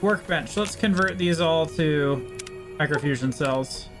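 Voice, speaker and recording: A man's voice: a little high, unhurried, over music. A young man streaming a game, chatting casually and wryly with his viewers. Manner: chatty, talks to chat, wry. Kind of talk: casual live-stream commentary.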